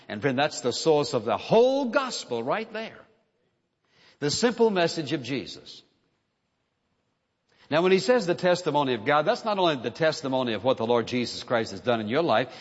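A man's voice: fairly high pitch, long reverb tail, dull audio. A man preaching a sermon in an earnest, emphatic way, driving points home with repeated phrases.

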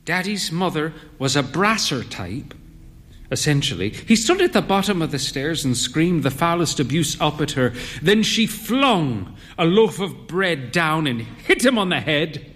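Male narrator, unhurried, lively in pitch, dry wit. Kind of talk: literary fiction reading.

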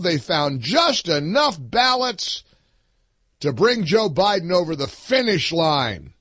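A man delivering a sarcastic, animated political opinion monologue as the host. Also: fairly high pitch, slow pace, breathy edge, dry recording. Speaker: political commentator.

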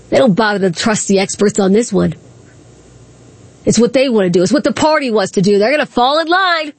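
A woman hosting talk radio, speaking in a combative, indignant way with repeated rhetorical questions. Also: fairly high pitch.

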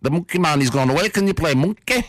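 A man's voice: fairly high pitch, lively intonation, dry recording, clean studio sound, pitched above the performer's own voice, close to an everyday voice. A man putting on a Northern English accent to voice a young press-office lad who coaxes his mate. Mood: coaxing. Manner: matey, pleading, deliberately hammy.

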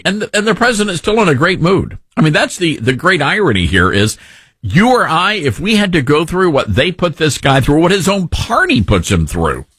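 Man, middle-aged, radio talk host, husky, expressive pitch, sarcastic, opinionated, dry close sound. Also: no echo. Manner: sarcastic, mocks others with put-on voices. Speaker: call-in radio show host.

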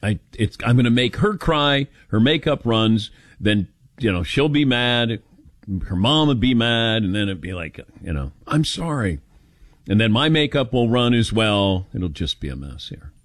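A man in his fifties hosting a call-in radio show, animated and joking at his own expense. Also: medium pitch, moderate pace, dry recording, clean studio sound. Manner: animated, joking, self-mocking. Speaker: radio host.

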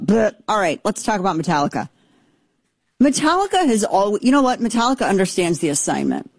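A woman's voice: mid-range voice, very animated, a little fast, gravelly, no echo. A woman in her thirties hosting a talk show, giving casual political commentary with rambling asides and blunt sarcasm. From Texas.

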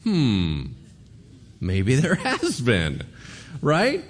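A man preaching a sermon as pastor, animated, acting out the voices of figures in the story. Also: medium pitch, extremely slow.

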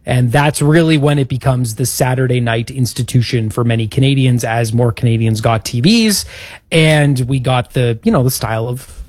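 A man co-hosting a casual podcast, recounting history with upbeat interest. His voice sits at a middle pitch. It is recorded dry and close. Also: normal speed, darkish tone, no room sound. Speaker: podcast co-host. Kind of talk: casual chat.

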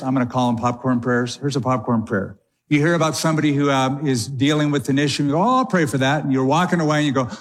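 A male pastor preaching a sermon in a conversational way, with quick asides and slowed emphasis. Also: a little high.

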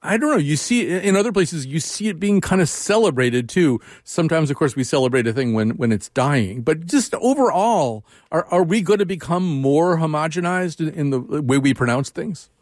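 Guy hosting an interview, thinks out loud, lots of ums, dry close sound. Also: on the high side, expressive, normal speed, few pauses, dry recording. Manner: musing, searching for words. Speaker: host. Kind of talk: conversational interview.

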